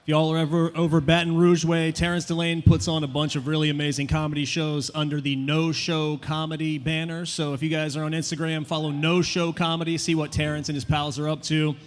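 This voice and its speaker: A man's voice: on the high side, level tone, a little fast, few pauses. A man hosting a comedy show, hyping the crowd between sets. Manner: upbeat hype announcing. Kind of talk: stage emcee announcement. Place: comedy club stage. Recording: live venue with long reverb.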